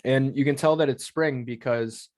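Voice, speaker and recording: A man's voice: mid-range voice, fairly even intonation, normal speed, a little mellow. A young man co-hosting a podcast in casual chat. He is laid-back and teasing, and he laughs often while he talks. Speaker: podcast co-host.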